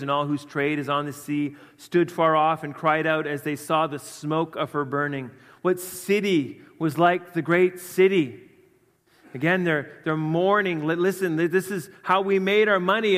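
Earnest male preacher in a reverberant hall. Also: fairly high pitch. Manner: earnest preaching, swings from loud emphasis to quiet. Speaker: pastor. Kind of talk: sermon.

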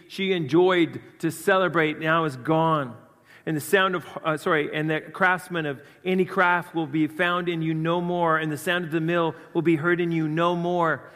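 A man preaching with earnest conviction, his voice sitting a little high for a man. He swings from loud stresses down to quiet asides. The sound rings with a long reverb from the hall around him. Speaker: pastor. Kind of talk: sermon.

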